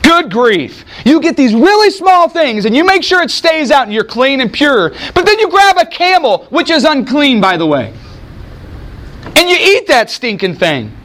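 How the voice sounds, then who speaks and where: A man preaching a sermon in an animated, conversational way, with sudden swings in how he delivers lines. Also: extremely high pitch, moderate pace. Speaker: pastor.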